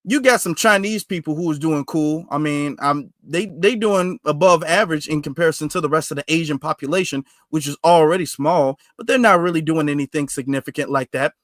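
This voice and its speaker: High-voiced rambling man, dry sound. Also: fairly quick, few pauses, a bit bright, no room sound. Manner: rambling, repetitive, with frequent restarts. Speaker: commentary channel host. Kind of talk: casual reaction commentary.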